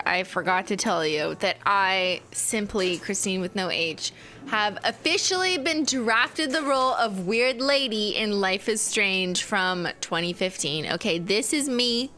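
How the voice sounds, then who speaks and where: A woman's voice: medium pitch, measured pace, sharp tone. A woman with a Canadian accent hosting a live game stream, giggling, swearing and mimicking characters.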